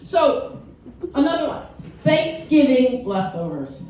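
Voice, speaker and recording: On a comedy stage before a live crowd, a middle-aged woman from Wisconsin speaks slowly in a high voice, telling stories animated by mocking impressions. The roomy, distant recording carries audience laughter and a little hiss or hum.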